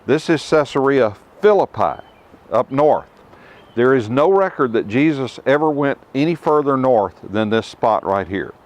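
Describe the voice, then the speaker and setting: A middle-aged man teaching scripture outdoors to a tour group, emphatic, with rhetorical questions and dramatic pauses. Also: mid-range voice, animated. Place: outdoors at ruins.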